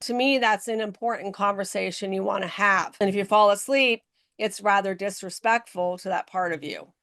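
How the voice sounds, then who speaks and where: A woman guest on a podcast interview, telling stories in an animated way and acting out the people she quotes, speaking from her office. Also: medium pitch, normal speed, no echo, clean studio sound. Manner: animated storytelling, acts out quoted voices.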